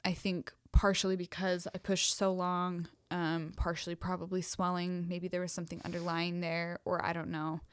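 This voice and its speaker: Young woman podcast co-host, lower voice, dry close sound, chatty and emotional storyteller. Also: monotone, normal speed, few pauses, clear, resonant tone, dry recording. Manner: emotional storytelling with many fillers. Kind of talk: casual chat.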